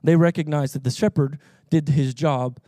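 A man preaching a sermon, moving between relaxed conversational storytelling and loud, fervent declaration. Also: on the high side, normal speed, dry recording. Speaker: pastor.

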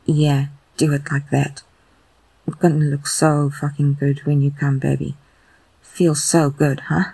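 A narrator voicing an affectionate adult man who speaks in a low, intimate, unhurried way. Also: little pitch movement, creaky, warm tone, slightly rough, no room sound, low-quality recording. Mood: tender, coaxing.

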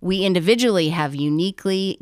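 A woman's voice: on the low side, fairly quick, darkish tone, clean tone, no room sound, clean studio sound. A woman co-hosting a faith podcast, speaking earnestly and inviting listeners to a church event. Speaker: podcast co-host.

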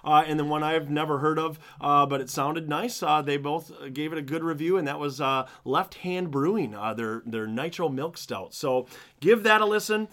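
An upbeat man co-hosting a casual podcast, his voice sitting a little high. He chats through plugs and show news with lots of fillers. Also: moderate pace, a bit bright. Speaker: podcast co-host.

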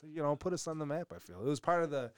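A man's voice: fairly high pitch, animated, quick pace, clean tone, dry recording. A young man co-hosting a podcast, talking casually in a rambling way with many restarts and easy laughs. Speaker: podcast co-host. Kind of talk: casual chat.

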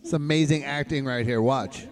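A man's voice: mid-range voice, moderate pace. A man co-hosting a casual movie commentary podcast, joking, swearing and laughing often. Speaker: podcast co-host.

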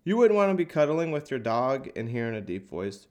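A man with a stuffy, nasal voice from a cold tells a crude, sarcastic stand-up bit. His pitch swoops widely as he talks. He records in an echoey open office. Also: very animated, a little fast, few pauses, darkish tone. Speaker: podcast host and stand-up comic.

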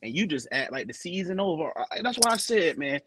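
A man co-hosting a casual sports podcast, talking in slangy, animated banter and mimicking the people he quotes. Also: a little high, a little fast, slight background noise. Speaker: podcast co-host.

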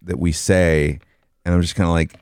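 A man from the American South co-hosting a podcast, chatting casually and halting with frequent restarts. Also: low voice, clean tone, no room sound, studio quality. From Southern United States. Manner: relaxed, halting, with many restarts. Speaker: podcast co-host. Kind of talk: casual chat.

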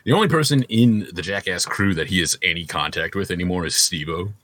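A man co-hosting a podcast, chatting casually and joking with quick banter. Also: low-pitched, a bit bright, no echo. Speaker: podcast co-host.

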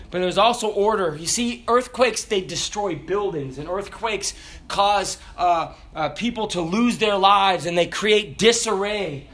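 A middle-aged man preaching a sermon, calling out questions to the congregation and swinging between loud bursts and quiet asides. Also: high voice. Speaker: pastor.

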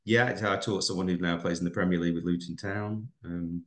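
Deep-voiced reflective man. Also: fairly even intonation, fairly quick, echoey room. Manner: reflective, rambling with fillers. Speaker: podcast co-host and teacher. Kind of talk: casual podcast chat.

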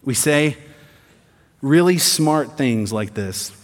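A male pastor from the American South delivers a sermon, dropping to quiet, deliberate points before building in intensity, with the occasional sarcastic aside. His voice sits slightly high for a man. The long reverb of a large church hall rings around him.

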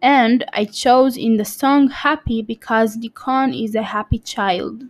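A woman reading a book report aloud slowly and carefully, with small slips and restarts. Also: a little high, low-quality recording. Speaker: student presenting a book report. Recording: clear background noise.

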